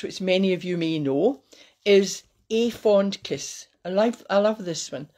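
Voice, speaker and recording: A woman giving a light, cheeky talk to her viewers and slowing down to recite verse. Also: medium pitch, a little mellow. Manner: cheeky, playful, slows down to recite. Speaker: host giving a Burns Supper talk. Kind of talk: casual talk with poetry recitation.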